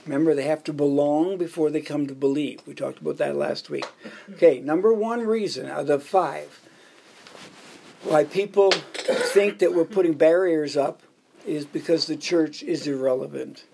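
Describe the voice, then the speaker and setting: Against a noisy background, a pastor with a fairly high, creaky voice speaks at normal speed. His sermon mixes joking anecdotes with points he counts off in order.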